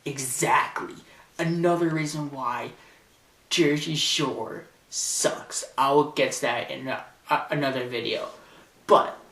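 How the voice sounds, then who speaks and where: A man's voice: medium pitch, takes it slowly, a bit bright, echoey room, distant mic. A teenage boy ranting sarcastically and indignantly into a camcorder in his bedroom. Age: teens. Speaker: vlogger. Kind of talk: ranting vlog. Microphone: camcorder mic.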